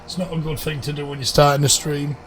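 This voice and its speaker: Chummy man streaming a game, slightly hoarse. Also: a little high, little pitch movement, fast talker, distant mic, crowd noise, low-quality recording. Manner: chummy, greets viewers by name. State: voice going a bit hoarse. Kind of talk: live game stream, reading chat.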